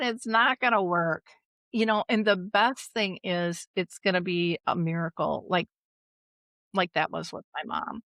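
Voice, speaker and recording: A woman's voice: lowish voice, normal speed, a bit bright, dry recording. A middle-aged woman, a dementia care advocate, earnestly recounting a personal family story with emotion and a few restarts.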